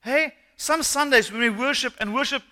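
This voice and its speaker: A male pastor preaching a sermon, animated and asking the congregation questions. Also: extremely high pitch, moderate pace. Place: church hall. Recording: long hall reverb.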